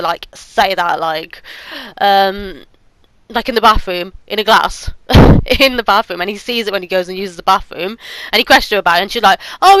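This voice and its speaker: Woman, bright and smooth voice, dry close sound, casual rambling movie review. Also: mid-range voice, no echo, poor audio. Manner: rambling, halting, searching for words.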